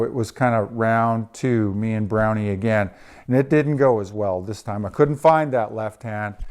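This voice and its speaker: A man, a former hockey player, reflecting calmly in an interview. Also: on the low side, clean tone. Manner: measured, reflective.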